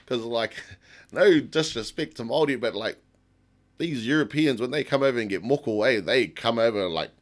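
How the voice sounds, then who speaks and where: A man's voice: mid-range voice, moderate pace. A man with a New Zealand accent chatting casually as a podcast guest, swearing and laughing as he tells stories. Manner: casual, swears, laughs often, animated retelling. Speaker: podcast guest, tattoo artist. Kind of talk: casual chat.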